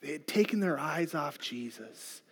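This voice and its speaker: A man's voice: fairly high pitch, animated, unhurried, slightly rough. A middle-aged man preaching a sermon as a pastor, telling a personal story in an earnest, conversational way.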